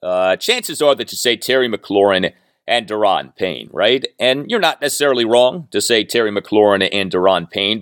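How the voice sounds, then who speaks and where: A man's voice: mid-range voice, a bit bright, no room sound, clean studio sound. A man hosting a sports podcast, giving an emphatic analytical monologue and asking listeners rhetorical questions. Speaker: podcast host.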